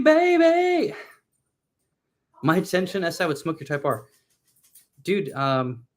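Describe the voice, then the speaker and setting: Easygoing young man rambling on a livestream. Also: on the high side. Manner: rambling, easygoing, talks to viewers and pets. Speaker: car vlogger hosting a livestream. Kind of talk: casual livestream chat. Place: home, then his cluttered garage.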